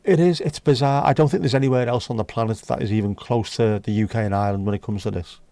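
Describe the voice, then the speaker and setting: A man's voice: mid-range voice, steady tone, fast talker, gravelly, mellow, no room sound. A man from North West England, hosting a livestream and chatting bluntly with his viewers. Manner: blunt, chatty, swears casually. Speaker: livestream host. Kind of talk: casual chat with live chat.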